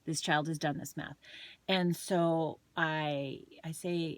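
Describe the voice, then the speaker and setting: A woman's voice: low-pitched, steady tone, slow, a little mellow, no room sound. A woman, a parent and wellness coach, chatting casually and telling a story, with some restarts and ums. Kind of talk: casual chat to camera.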